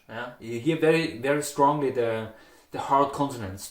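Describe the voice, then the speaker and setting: A man teaching a pronunciation lesson, saying example words again and again and checking in with the listener. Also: mid-range voice. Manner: repeats example words slowly, checking with "yeah?" and "okay?". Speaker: dialect teacher. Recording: echoey room.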